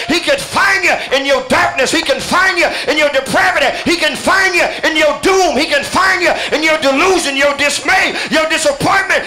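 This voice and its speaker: Male pastor, sermon, high voice, bright tense tone, calls out names, shouted build-ups. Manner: calls out listeners by name, builds to shouted repeated phrases.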